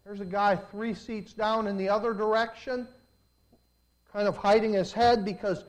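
A pastor delivering a sermon in a mid-range voice, neither high nor low. The delivery swings between hushed, slow reflective passages and loud, climbing emphasis. Quoted people are acted out in lowered voices. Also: steady tone, low-quality recording. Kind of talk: preaching a sermon.

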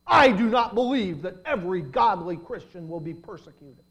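A man preaching a sermon, acting out a self-assured male town lawyer who protests loudly and with emphasis. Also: high voice, expressive, normal speed. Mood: indignant. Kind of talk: sermon illustration.

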